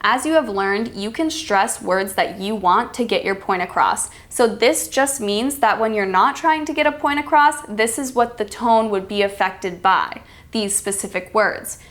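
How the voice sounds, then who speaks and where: A woman teaching an online pronunciation lesson, reading example sentences slowly and deliberately. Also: mid-range voice, lively intonation, fairly bright tone. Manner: clear, instructive teacher's delivery. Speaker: accent coach.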